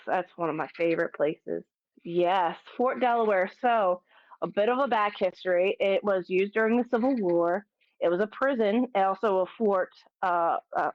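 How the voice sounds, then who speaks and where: A woman tells a story in an animated, casual way, laughing often and breaking off to restart her sentences. She has a mid-range voice. The recording is dull and lo-fi, with a dry, close sound. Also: mid-range voice, no room sound. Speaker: guest.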